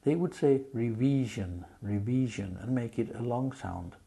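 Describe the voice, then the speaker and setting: A man's voice: medium pitch, sing-song, creaky, dark tone, husky. A man teaching a spelling lesson, patiently sounding out syllables and words. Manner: patient, drawn-out sound demonstrations.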